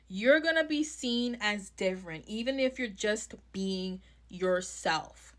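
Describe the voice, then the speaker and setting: A woman's voice: mid-range voice, animated, slow pace, fairly bright tone. A young woman with a New York accent ranting bluntly into her phone, swearing freely and hammering her points home. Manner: blunt, profane, heated. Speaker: clown content creator. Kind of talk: casual ranting vlog.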